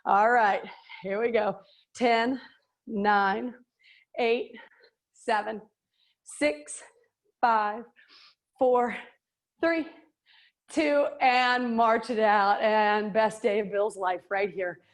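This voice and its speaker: A woman's voice: on the high side, fairly even intonation, extremely slow, pauses often. A middle-aged woman instructing a live workout class, upbeat and joking, counting out reps and slightly out of breath. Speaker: fitness and yoga instructor.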